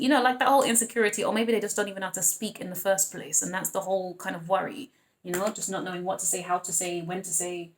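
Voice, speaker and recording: A woman's voice: medium pitch, steady tone, fast. A woman giving a casual tarot reading, chatting freely, laughing often and acting out the voices of the people she describes. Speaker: tarot reader.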